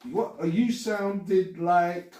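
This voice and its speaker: High-voiced London man swearing and laughing. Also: fairly even intonation, very slow, dark tone. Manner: swears a lot, laughs, rambling. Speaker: podcast host. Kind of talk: casual chat. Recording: echoey room, mic at a distance, some noise.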